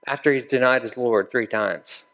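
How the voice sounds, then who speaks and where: A man's voice: medium pitch, moderate pace, a bit bright. A man preaching a sermon in a conversational storytelling way, acting out the dialogue of the people in his story. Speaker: pastor.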